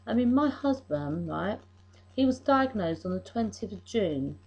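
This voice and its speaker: A middle-aged woman talking in a personal faith video diary, emotional and halting, often restarting her sentences. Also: mid-range voice, lively intonation, darkish tone, breathy edge, lo-fi sound. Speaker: vlogger.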